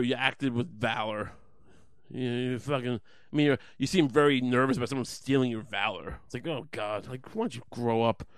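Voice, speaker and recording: A man's voice: a little high, dry recording. A man delivering a heated, profane rant, often mocking others in sarcastic voices. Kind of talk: ranting monologue.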